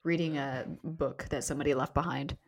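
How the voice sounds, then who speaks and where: A woman's voice: rumbling low, fairly even intonation, a little fast, no room sound, clean studio sound. A woman co-host chiming in and riffing on a comedy story in casual chat. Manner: chiming in, laughing along.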